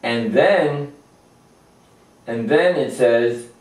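An older man teaches a Torah lesson at an unhurried pace, stopping often to search for words and restart. His voice reaches the mic from a distance in a roomy, echoing space. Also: medium pitch, expressive, a little mellow. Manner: halting, many fillers and restarts. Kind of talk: informal religious lecture. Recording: echoey room, distant mic.

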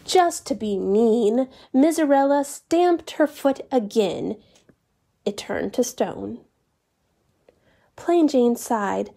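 Slow, mellow woman reading a story. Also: on the high side, creaky. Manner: calm, expressive read-aloud. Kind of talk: reading a children's story aloud.

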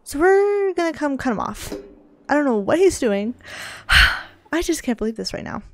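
A woman giving casual commentary over her life-sim gameplay, excitable and dramatic, gasping and laughing as she reacts. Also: sits high, a little fast, no echo. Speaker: video game let's-play host.

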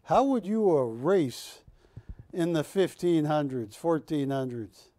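His voice is a little high and he takes it slowly as he hosts a live art sale on a shopping broadcast, recorded with no echo. He jokes, chats animatedly and ribs his co-hosts.

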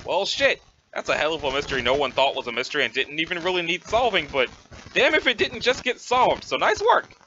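A man's voice: a little high, sing-song, a little fast, sharp tone, muffled recording, a little hiss or hum, pitched below the performer's own voice. A man playing an ironic, drawling teen boy. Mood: wry. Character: laid-back sarcastic teenage boy.

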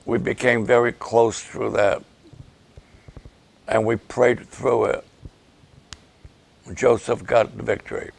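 An older man, a pastor, giving an emotional, halting update and prayers for his ministry partners. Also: mid-range voice, flat delivery. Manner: emotional, halting, slow and gravelly.

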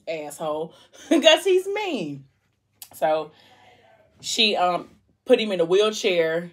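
A woman hosting a casual book chat at home, retelling a story with strong emotion and dropping her voice soft at the sad parts. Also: lowish voice. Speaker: vlog host discussing a book.

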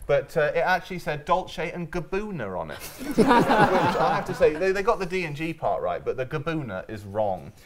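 A man's voice: fairly high pitch, sing-song, normal speed, hardly any pauses, a loud crowd. A man hosting a comedic news panel show, bantering with guests in a teasing, sarcastic way. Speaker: host.

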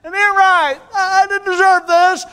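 A man's voice: extremely high pitch, flat delivery, moderate pace, bright, forceful tone, voice pushed up. A preacher putting on a whimpering self-pitying man. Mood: whiny. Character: whiny self-pitying churchgoer, man, complaining about a hurt.

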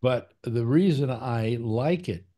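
Halting easygoing male talk-show host. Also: medium pitch, mellow. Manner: easygoing, halting with many restarts. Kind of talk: casual chat with panel on a video call.

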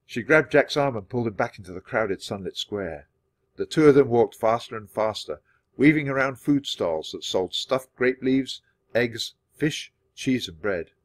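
A man reading a children's chapter book aloud in a clear, steady storytelling manner. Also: medium pitch, normal speed, no echo, clean studio sound. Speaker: storybook reader.

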